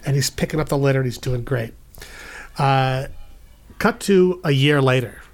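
A man's voice: mid-range voice, moderate pace. A man, a guest podcast host, improvising a playful bedtime story and acting out the characters' lines in raised voices.

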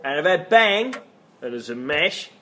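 A man's voice: fairly high pitch, very animated, measured pace, bright, forceful tone, slight background noise, exaggerated voice. An actor playing a blunt, swearing male philosopher from East London with an East London accent and a dismissive manner. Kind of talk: comedy sketch acting.

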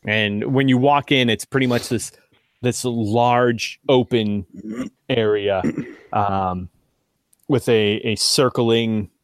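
A man acting as game master, describing scenes in a relaxed, rambling way with lots of fillers. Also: medium pitch, slow pace, clear, resonant tone, no echo, clean studio sound. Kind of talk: narrating a tabletop game.

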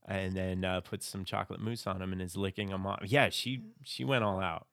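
A man's voice: deep voice, steady tone, normal speed, vocal fry, a bit bright, dry recording, studio quality. A man co-hosting a casual chat, recapping a show with laid-back, wry remarks. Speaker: podcast co-host recapping a reality show.

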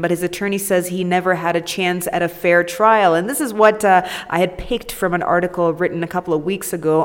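A woman hosting a casual solo comedy podcast, irreverent and crude, talking to herself and cracking jokes. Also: fairly low pitch. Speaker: podcast host. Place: new home with echoey room. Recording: echoey room with long reverb.

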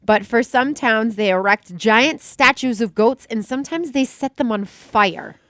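A woman's voice: a little high, measured pace, a bit bright, dry recording, clean studio sound. A woman from Massachusetts co-hosting a podcast, chatting casually with a sarcastic, laughing manner. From Lynn, Massachusetts. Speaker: podcast co-host.

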